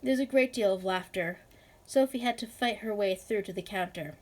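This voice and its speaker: A woman reading a novel aloud in a measured, expressive way. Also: medium pitch, low-quality recording. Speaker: reader.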